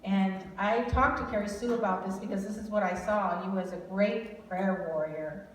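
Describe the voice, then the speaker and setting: A woman's voice: mid-range voice, fairly even intonation, normal speed. Chatty, laughing woman in an echoey hall. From Wisconsin, USA. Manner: chatty, laughs often, rambling asides. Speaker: guest speaker prophesying over a family. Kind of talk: informal prophetic ministry talk. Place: large hall. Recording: echoey hall recording from far off.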